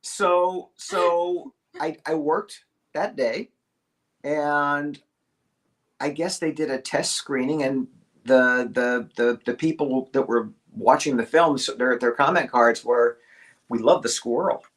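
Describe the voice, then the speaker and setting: A middle-aged man, a guest voice actor, telling a casual anecdote over a video call and acting out the quotes and squeaks. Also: slow pace. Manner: animated storyteller, acts out quotes and squeaks.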